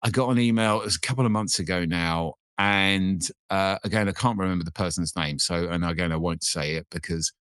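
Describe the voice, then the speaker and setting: A man's voice: low voice, a little fast, few pauses, fairly bright tone, clear, resonant tone, dry recording, studio quality. A middle-aged man co-hosting a podcast, chatting in a rambling, sweary, self-deprecating way. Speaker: podcast co-host, author. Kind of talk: casual chat.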